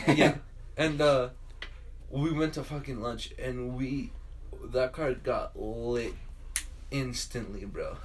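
A young man in loose casual chat, middle-pitched, telling rowdy stories and bursting into loud acted-out quotes. He swears freely, and faint background noise sits under his voice. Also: slow, pauses often.

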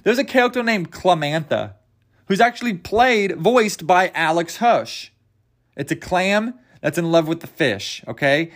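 A man's voice: sits high, animated, measured pace, a bit bright. A young man hosting a casual solo podcast, rambling and joking, often tripping over his words. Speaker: podcast host.

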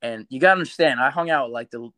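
A man from New York, a podcast guest telling a long story in casual, animated talk, swearing a lot. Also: medium pitch, racing, dry recording. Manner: animated, swears a lot, acts out quoted voices.

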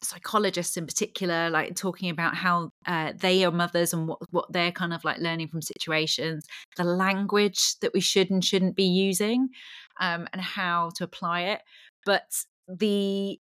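A woman's voice: lowish voice, fairly even intonation, normal speed, fairly bright tone, dry recording, studio quality. A woman hosting a podcast, chatting casually, laughing often and filling her talk with "like". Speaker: podcast host. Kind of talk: casual chat.

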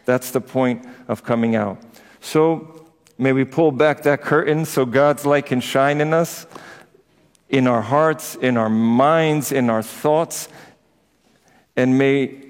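A man's voice: medium pitch, slow. Man preaching a chatty sermon in a reverberant church. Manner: conversational, personal asides to the congregation. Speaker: priest. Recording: echoey church with long reverb.

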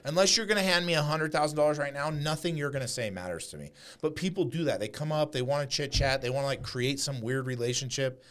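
A man's voice: mid-range voice, fast talker, hardly any pauses, fairly bright tone. A young adult man telling brash, profane stories in casual podcast chat. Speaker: podcast guest.

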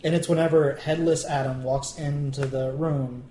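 Guy cohost rambling on, kinda high voice, echoey room. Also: steady tone, moderate pace, warm tone, a little hiss or hum. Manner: rambling, restarts a lot. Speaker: podcast co-host. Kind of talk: casual chat.

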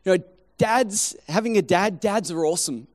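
Male preacher, high voice, animated, humorous storytelling sermon. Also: moderate pace.

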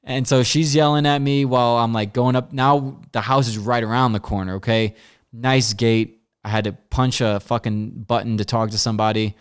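A man's voice: medium pitch, steady tone, moderate pace, clean tone. A man hosting a podcast, telling stories in a casual, rambling way with lots of fillers and voiced quotes. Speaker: podcast host. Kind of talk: casual storytelling.

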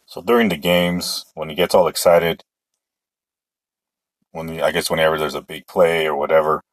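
Male sports podcast host, deep voice, opinionated rambler, dry close-mic sound. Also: fairly even intonation, normal speed, no echo. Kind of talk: casual solo sports talk.

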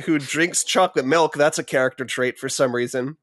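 A man's voice: medium pitch, a little fast, a bit bright, dry recording, studio quality. A man co-hosting a podcast, recapping a film in casual chat, swearing often and laughing as he acts out scenes. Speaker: podcast co-host.

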